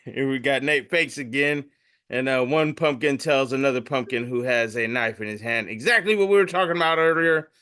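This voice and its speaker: A man co-hosting a podcast, chatting casually as he describes memes aloud and puts on quick voices for the characters. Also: medium pitch, bright, forceful tone, clean tone. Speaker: podcast co-host.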